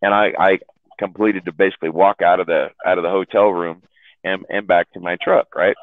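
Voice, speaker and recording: Man, low voice, dry tinny phone-line sound, rambling profane storyteller. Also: fairly even intonation, fairly quick, dry recording. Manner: rambling, profane, laughs at own jokes. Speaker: chat room host telling stories. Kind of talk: casual storytelling on a call.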